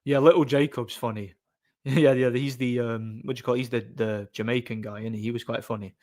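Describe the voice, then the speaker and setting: A man's voice: mid-range voice, fairly even intonation, a little fast, a little mellow. Rambling man chatting on a livestream. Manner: rambling, chuckling, many restarts. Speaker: livestream host. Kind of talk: casual livestream chat.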